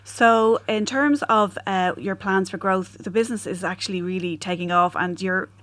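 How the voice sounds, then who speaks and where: A woman hosting an interview, asking probing follow-up questions. Her voice sits at an average pitch for a woman, and she talks at an ordinary conversational pace. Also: moderate pace, a bit bright.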